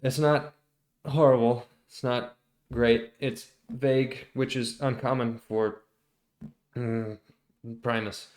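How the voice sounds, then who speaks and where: A man voicing a flustered male cleric messenger in a tabletop game, hesitant and halting. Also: mid-range voice, flat delivery, a little mellow, lightly acted. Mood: uneasy. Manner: hesitant, stumbling over words.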